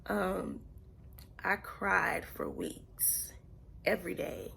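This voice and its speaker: Young woman vlogger, earnest storytime delivery, heavy vocal fry, faint hiss under the voice. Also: fairly low pitch, sharp tone. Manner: earnest, halting, repeats herself. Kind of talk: personal storytime.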